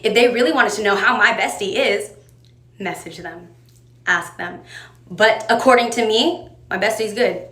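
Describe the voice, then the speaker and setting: A woman's voice: mid-range voice, normal speed, fairly bright tone. Chatty woman giving direct advice, roomy echo. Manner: direct, chatty, coaxing the viewer along. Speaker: advice creator. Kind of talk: casual advice monologue to camera.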